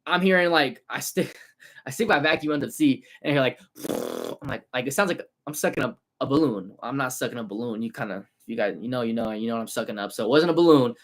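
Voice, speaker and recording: A Bay Area man in his twenties who runs a car detailing business talks through a casual livestream in loose, slangy, animated street talk. His voice is mid-range and fast, with a little hiss or hum on the audio.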